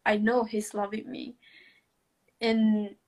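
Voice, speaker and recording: Slowly and with little pitch movement, a medium-pitched woman shares a personal story in conversation. Her speech is hesitant, marked by many restarts, soft laughs and non-native English grammar.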